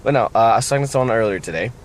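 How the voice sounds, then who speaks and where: A man's voice: mid-range voice, expressive, rapid-fire, slight background noise. A young man from the United States ranting casually in a vlog, rambling and sardonic, often trailing off. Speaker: vlogger.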